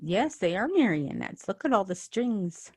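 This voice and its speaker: A woman's voice: medium pitch, sing-song, moderate pace, darkish tone, husky. A woman co-hosting a podcast in casual chat, blunt and joking, laughing often. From Canada. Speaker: podcast co-host.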